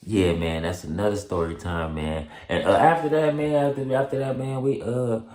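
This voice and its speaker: A man telling a story in casual street slang, laughing often and acting out quotes in high excited voices. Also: normal speed, roomy sound. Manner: heavy street slang and profanity. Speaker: storyteller vlogger.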